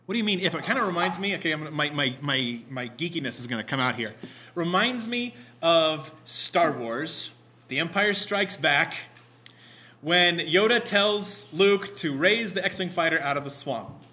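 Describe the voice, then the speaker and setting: A man leading a prayer, reading scripture aloud and preaching in a conversational, animated way with self-deprecating asides. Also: a little high, a little slow. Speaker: pastor.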